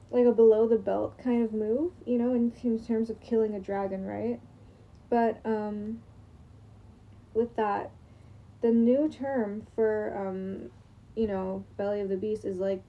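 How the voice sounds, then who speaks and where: A young woman talks in a sleep-deprived late-night ramble, full of fillers, restarts and the odd curse word. Her voice is very dark and mellow and stays fairly flat in pitch. She speaks into a computer's screen recording at home. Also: highs cut off, slight background noise. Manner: rambling, many fillers and restarts, casual swearing. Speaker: vlogger.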